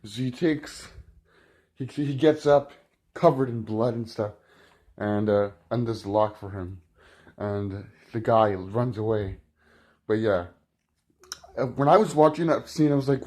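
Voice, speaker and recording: A man's voice: fairly low pitch, moderate pace, dark tone. Man rambling through a casual film review. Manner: rambling, with frequent "like" and restarts.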